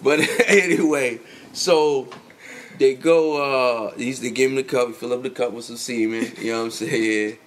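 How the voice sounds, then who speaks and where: A man in casual podcast chat, running through a story in loose slang and piling on filler tags as he goes. His voice sits at an ordinary middle pitch, with a faint hiss of noise under it. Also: steady tone, measured pace. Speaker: podcast host. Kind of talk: casual chat, retelling a movie.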